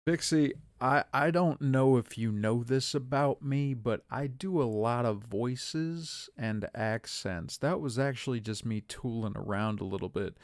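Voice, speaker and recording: A man's voice: mid-range voice, measured pace, hardly any pauses, no echo, clean studio sound. A man in his thirties streaming a game live, chatting in a rambling way with his viewers between moves. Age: 30s. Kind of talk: live gameplay commentary.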